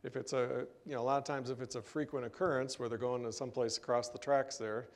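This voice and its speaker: A man's voice: medium pitch, fairly even intonation, fast. Matter-of-fact male city official. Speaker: city official answering residents. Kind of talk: explaining at public hearing.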